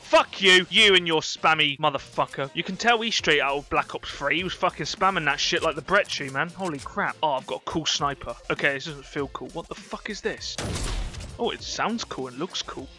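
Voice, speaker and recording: A young man giving excitable, sweary gameplay commentary at his computer. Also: fairly high pitch, a little fast, soft background music. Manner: excitable, sweary, easily startled. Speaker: gaming YouTuber.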